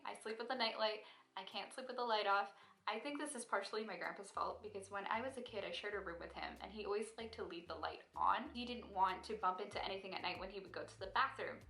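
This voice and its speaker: A woman's voice: medium pitch, pushed and bright. A young woman chatting expressively and playfully as she answers questions in a casual Q&A vlog. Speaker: vlogger. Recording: echoey room with faint music.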